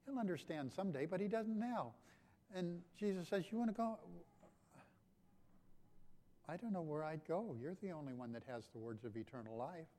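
A male pastor delivering a sermon with a voice pitched a touch high for a man. He drops low and soft, then builds to loud, pressing peaks, circling back over the same phrases. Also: lively intonation, fairly quick. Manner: swings from hushed to loud and emphatic, with repeated phrases.

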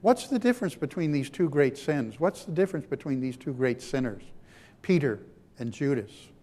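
A man preaching a sermon as a pastor, shifting between loud emphatic lines and hushed, quiet ones. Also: medium pitch, expressive, normal speed. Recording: long hall reverb.

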